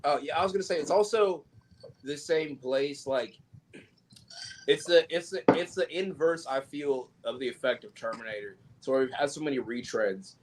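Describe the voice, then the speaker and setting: A man co-hosting a podcast, chatting casually about movies with a joking, profane, animated manner. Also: mid-range voice, moderate pace, noisy background. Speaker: podcast co-host. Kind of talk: casual chat.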